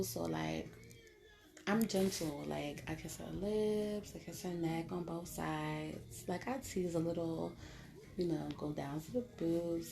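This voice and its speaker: Woman vlogger, deep-ish voice with lots of fry, spilling a blunt, graphic story casually. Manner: blunt, profane and graphic, talking straight to viewers.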